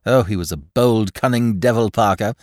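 A man voicing a flippant, theatrical aristocratic gentleman detective in a storybook reading. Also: on the low side, normal speed, no room sound, clean studio sound, natural voice. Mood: animated. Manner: breezy, theatrical, whimsical. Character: flippant aristocratic young male sleuth.

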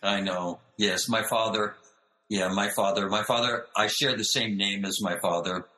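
A man, a director and choreographer, telling animated stories in an interview over a video call, acting out the voices of people he quotes. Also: on the low side, moderate pace, roomy sound, poor audio. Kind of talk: storytelling interview.

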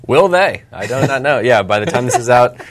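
A man's voice: mid-range voice, expressive, a little fast. A man co-hosting a casual finance chat show, upbeat and optimistic in his takes. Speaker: podcast co-host.

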